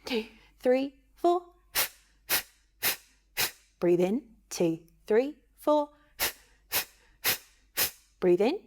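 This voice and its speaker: An English woman teaching children a singing warm-up online, counting along and encouraging them. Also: a little high, sing-song, drawn-out words, pauses often.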